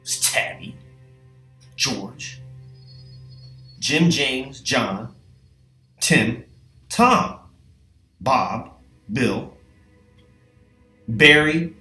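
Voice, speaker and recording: Guy rambling through a foul-mouthed funny story, bright voice, echoey room with faint music. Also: mid-range voice, very slow, long pauses. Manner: animated, rambling and profane. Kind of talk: profane comedic storytelling.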